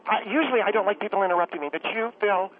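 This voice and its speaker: A man's voice: high-pitched, very fast, pitched above the performer's own voice, lightly acted. A man voicing a fawning, rambling middle-aged woman caller who gets choked up easily. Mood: gushing. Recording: tinny phone line.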